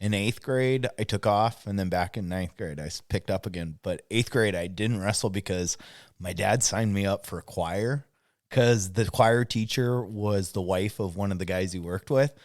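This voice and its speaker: A man's voice: fairly low pitch, normal speed, no echo, studio quality. Profane, laid-back podcast co-host man. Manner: loose, profane storytelling with laughs. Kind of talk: casual chat.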